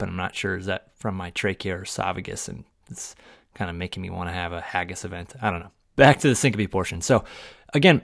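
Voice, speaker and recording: A man's voice: on the low side, no echo. A man working as an emergency physician, giving peer review on a medical podcast with dry joking asides and detailed clinical explanation. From Ohio. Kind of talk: solo podcast commentary.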